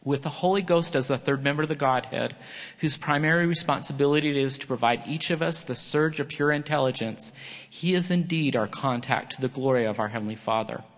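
Middle-aged man with an average pitch, giving an earnest, read sermon; long reverb from a large chapel. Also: fairly quick. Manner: earnest, reads from a prepared text with small slips. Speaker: church speaker. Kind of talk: prepared sermon talk.

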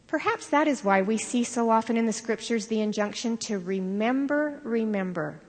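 An older woman giving a sermon, telling stories in an earnest, measured way. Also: a little high. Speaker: devotional speaker. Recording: long reverb of a large hall.

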